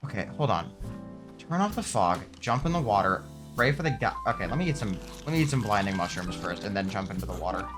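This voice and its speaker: Excitable young man, lively gaming commentary. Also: lowish voice, fast talker, over music. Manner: excitable, swears often, sarcastic asides. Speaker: gaming video creator. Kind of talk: game commentary with scripted narration.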